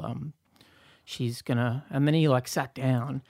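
An Australian man from Newcastle co-hosts a comedy podcast, spinning animated stories and laughing easily. His voice sits at a middle pitch. The sound is dry and close. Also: vocal fry, no echo. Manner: animated storyteller, quick to laugh. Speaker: podcast co-host. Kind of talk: casual comedic chat.

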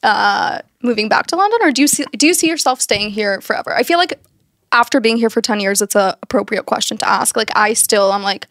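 A woman's voice: a little high, fairly quick, fairly bright tone, no echo, clean studio sound. A woman hosting a casual podcast chat, playful and chatty, often laughing. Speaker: podcast host.

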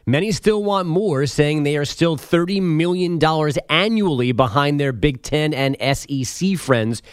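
A man reading sports headlines as a radio host, brisk and joking. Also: fairly high pitch, clean tone, no room sound, studio quality. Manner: brisk, joking newsreader delivery. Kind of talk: sports headlines read with banter.

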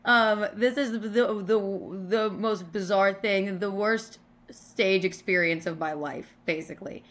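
Woman, comedian, podcast guest, casual storytelling, animated, swearing, mid pitch. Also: slow pace.

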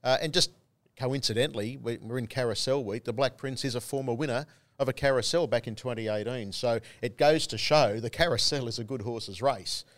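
A man's voice: medium pitch, brisk, dry recording. Man, wry racing co-host. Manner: knowledgeable, wry, fluent racing talk. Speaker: race caller and co-host. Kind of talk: casual chat.

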